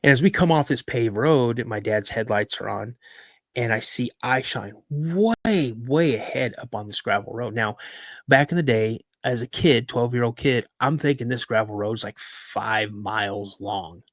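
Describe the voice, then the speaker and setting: A man in casual conversation, recounting a story with lively delivery and acting out the people he quotes. His voice sits at a middling pitch for a man, and the recording is dry and close. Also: moderate pace, no echo. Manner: animated storyteller, acts out quoted voices, many fillers. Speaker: podcast host, guest.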